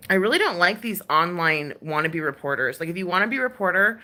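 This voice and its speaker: Lively, bright-voiced woman ranting. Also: lowish voice, brisk. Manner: exasperated, swearing, many fillers and sighs. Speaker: ASMR creator ranting on a live stream. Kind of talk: casual rant.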